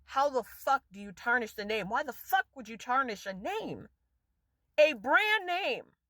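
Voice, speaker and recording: A woman's voice: a little high, animated, normal speed, bright, forceful tone, dry recording. A woman vlogger delivering an angry, profane rant straight to camera in a casual monologue.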